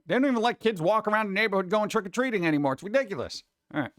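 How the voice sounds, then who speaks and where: Chatty man with a smooth, resonant voice. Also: sits high, very fast, hardly any pauses, no room sound, clean studio sound. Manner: animated, chatty, slips into mock voices. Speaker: streamer host. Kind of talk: casual chat with viewers.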